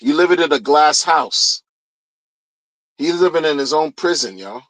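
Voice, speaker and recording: A man's voice: on the high side, expressive, measured pace, fairly bright tone, no echo, poor audio. A man ranting in a heated, mocking way, repeating phrases to drive his point home. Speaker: streamer ranting commentary. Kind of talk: casual rant.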